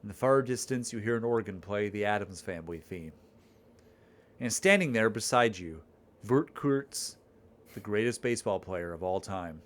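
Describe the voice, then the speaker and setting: A man's voice: lowish voice, lively intonation, moderate pace, fairly bright tone. A man streaming his own text game, reading its narration aloud and chatting playfully, rambling with restarts.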